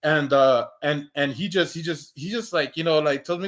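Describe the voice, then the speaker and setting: A man's voice: on the high side, moderate pace, a bit bright. A man in his thirties telling a long personal story in casual chat, full of restarts and repeated words, swearing now and then. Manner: acts out quoted lines in a raised voice. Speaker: podcast co-host.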